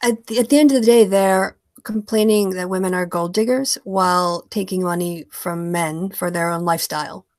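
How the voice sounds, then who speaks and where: A woman's voice: on the low side, steady tone, normal speed, hardly any pauses, a little mellow. A woman hosting a casual online chat, talking in a friendly way and laughing easily. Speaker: host.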